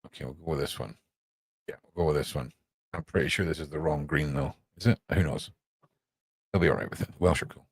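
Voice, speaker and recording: A man's voice: a bass voice, brisk, vocal fry, pauses often, husky, dry recording. A man chatting casually on a live stream, muttering to himself as he works and tossing off playful asides.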